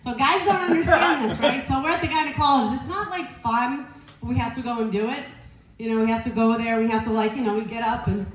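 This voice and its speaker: A woman's voice: on the high side, fast talker, a little hiss or hum. A woman doing a stand-up set, rambling and crude, losing her place and laughing at herself. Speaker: stand-up comedian. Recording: very echoey room.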